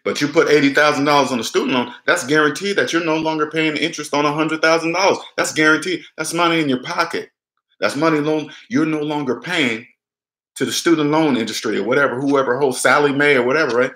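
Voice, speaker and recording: Man, finance vlogger, emphatic, repetitive, bright forceful voice, echoey room. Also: on the high side, steady tone, fast talker. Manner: emphatic, repetitive, acts out little dialogues. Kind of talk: casual direct-to-camera advice.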